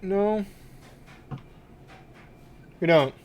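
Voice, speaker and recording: A relaxed man guides a tabletop game, taking his time over each word. His voice sits a little high, and he keeps a loose, joking tone. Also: extremely slow. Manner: laid-back, joking, laughs often. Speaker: game master.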